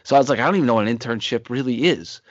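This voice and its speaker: A man's voice: mid-range voice, rapid-fire, dry recording, dull audio. A man in his forties, a podcast co-host telling a long, rambling personal story in casual chat. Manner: rambling anecdotal storyteller, acts out quotes.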